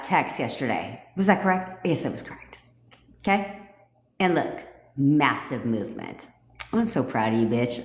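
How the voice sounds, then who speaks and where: A blunt, foul-mouthed woman chats live with her viewers, excitable and breaking into laughs. Her voice sits low for a woman. The sound bounces around an echoey room. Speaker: manifestation coach hosting a livestream. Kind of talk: casual livestream chat with viewers.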